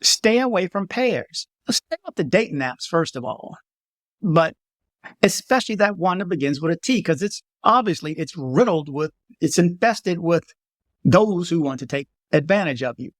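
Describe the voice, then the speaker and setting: Man, casual vlog monologue, emphatic warnings, slightly high voice, dry close mic. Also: normal speed, no room sound. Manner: emphatic, repeats warnings, animated asides. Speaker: travel vlogger.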